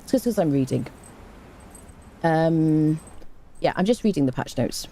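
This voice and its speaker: A British woman streaming a game live, chatting warmly with viewers, greeting them and reading patch notes with frequent ums and restarts. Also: low-pitched, expressive, measured pace.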